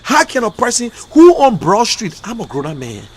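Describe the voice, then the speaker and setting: A man's voice: sits high, huge pitch swings, normal speed, husky. A man from Liberia with a Liberian English accent, hosting an online talk show in an emotional, fiery style full of repeated outbursts. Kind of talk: impassioned livestream commentary.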